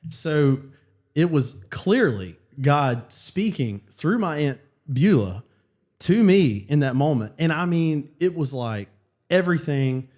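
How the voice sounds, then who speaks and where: A man, a pastor, telling his personal story in casual conversation, earnest and halting with many restarts. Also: on the high side, sing-song, a little mellow. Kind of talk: personal testimony in casual chat.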